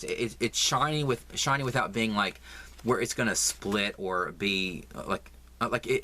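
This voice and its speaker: A Southern-accented man talks through his crafting haul in a casual, stumbling way, repeating words and filling pauses with ums. His voice sits on the low side yet sounds bright and forward. A faint hiss runs under the recording. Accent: Southern American. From American South. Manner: halting, lots of fillers and repeats. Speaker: crafting vlogger. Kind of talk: casual yarn haul chat.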